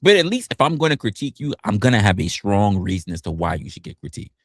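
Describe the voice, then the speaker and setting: A man's voice: lowish voice, very animated, quick pace, dry recording, studio quality. A man in his forties giving a blunt, profane livestream rant from his home office. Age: 40s. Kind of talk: ranting livestream monologue.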